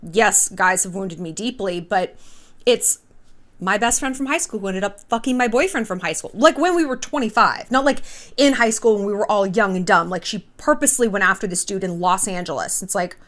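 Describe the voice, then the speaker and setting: A woman's voice: mid-range voice, brisk, a bit bright. A woman hosting a vlog, with candid, chatty commentary laced with profanity. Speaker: vlog host. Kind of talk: casual commentary.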